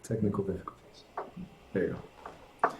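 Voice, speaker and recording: A man's voice: fairly low pitch, little pitch movement, normal speed, warm tone, slight background noise. A man instructing a real estate class in a direct, conversational way, checking in with his students. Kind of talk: casual classroom teaching. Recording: echoey classroom.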